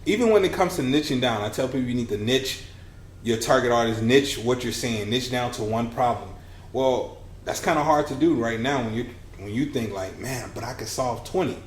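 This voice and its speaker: Animated storytelling man, roomy sound. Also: mid-range voice, fairly quick. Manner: animated, acts out quoted dialogue. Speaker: podcast guest, business coach. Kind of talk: conversational storytelling. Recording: roomy with faint hiss.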